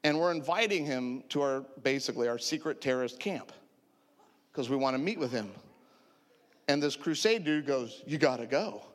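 A man telling a humorous story as a preacher, animated and joking with his audience. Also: medium pitch, moderate pace, big-room sound. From United States. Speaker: traveling preacher.

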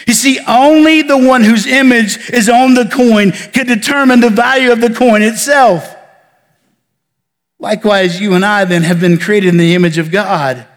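A man pastor preaching a sermon, building emphasis and then falling to soft near-whispers. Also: high-pitched, normal speed, long reverb tail. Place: church sanctuary.

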